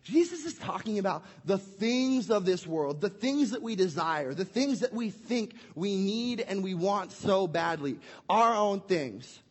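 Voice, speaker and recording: A young pastor gives a family sermon in a very high, husky voice. He is playful and energetic, slipping into little acted scenes. The church hall lends it a long, echoing reverb. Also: unhurried, few pauses.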